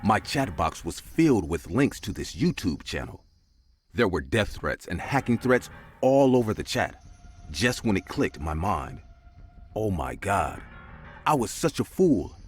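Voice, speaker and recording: A man's voice: big pitch swings, measured pace, faint music behind. A man narrating a scary story in a dramatic scripted style. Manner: dramatic, with big swings of pitch.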